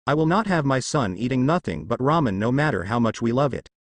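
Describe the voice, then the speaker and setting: A man's voice: mid-range voice, expressive, brisk, no room sound, natural voice. Fiery protective mother, bossy and scolding, read by a man narrator. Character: fiery overprotective mother, quick-tempered.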